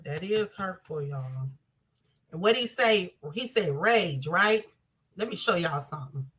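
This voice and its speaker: A woman's voice: lowish voice, lively intonation, measured pace, a bit bright, slightly rough. A woman, speaking passionately to her viewers and calling them y'all. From Southern US. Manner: impassioned, addresses viewers as y'all. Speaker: commentator. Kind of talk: emotional commentary to viewers.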